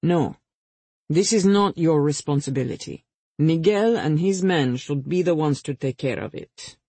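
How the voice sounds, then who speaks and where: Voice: medium pitch, mellow, breathy edge, no echo. A reader voicing a cold, sarcastic male crime boss. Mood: menacing. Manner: slow, cutting and sarcastic. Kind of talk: audiobook character reading.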